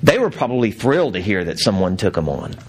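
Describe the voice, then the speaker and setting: A man's voice: on the low side, sing-song, fast talker, husky. Man, pastor, preaching sermon, storytelling, laughs, acted-out quotes.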